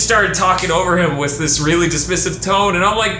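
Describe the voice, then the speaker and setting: A man chatting casually during a let's play, telling a story with lively, jumping delivery. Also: a little fast, hardly any pauses. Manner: animated storyteller, voice jumps high when retelling arguments. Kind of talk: casual group chat over gameplay. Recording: echoey room with faint noise.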